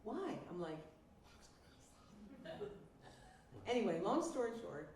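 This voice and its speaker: Animated woman telling a story. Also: fairly low pitch, brisk, a little hiss or hum. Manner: animated, acts out the people she quotes. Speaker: singer-songwriter guest. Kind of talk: storytelling in an interview. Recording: echoey room, distant mic.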